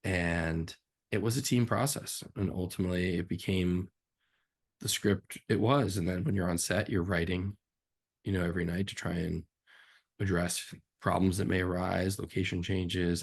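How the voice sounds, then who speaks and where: Low gravelly husky man. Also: normal speed. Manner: animated, acts out quotes in a raised voice. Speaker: film director guest. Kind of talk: casual interview storytelling.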